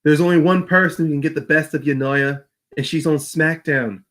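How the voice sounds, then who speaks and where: A man's voice: on the high side, fairly even intonation, moderate pace, fairly bright tone, natural voice. A man doing a brash Irish woman champion. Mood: menacing. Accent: Irish put-on. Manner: taunting trash talk. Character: brash woman wrestling champion taunting a rival.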